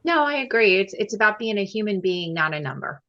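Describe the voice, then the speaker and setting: A woman guest on a podcast, chatting casually and agreeing in short replies. Her voice is bright and forceful. The sound is dull and lo-fi. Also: medium pitch, big pitch swings, brisk. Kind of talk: casual chat.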